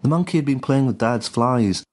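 A man reading a dark comic story in a dry, deadpan way. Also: mid-range voice, moderate pace. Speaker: narrator.

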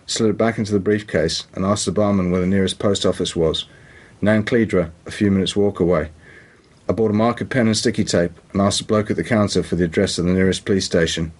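Deep-voiced British male narrator. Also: a little mellow. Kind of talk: audiobook narration.

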